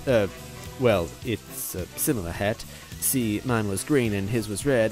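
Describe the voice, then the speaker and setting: A man's voice: lowish voice, unhurried, a little mellow, soft background music. A man narrating a story in first person, breaking in with wry comic asides. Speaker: reader, narrator.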